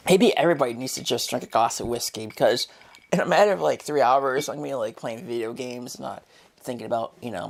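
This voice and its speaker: A woman's voice: very deep voice, creaky, husky. A young woman vlogger talking straight to camera, rambling and swearing in an exasperated rant. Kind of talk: casual opinion rant.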